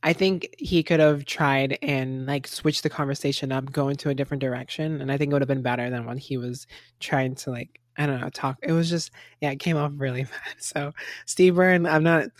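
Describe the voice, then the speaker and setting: A man's voice: mid-range voice, fairly even intonation, fairly quick, no room sound, clean studio sound. A young man co-hosting a casual chat, rambling with lots of "like" and frequent laughs. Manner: rambling, heavy use of "like", laughs often. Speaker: podcast co-host. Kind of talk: casual chat reviewing a reality show.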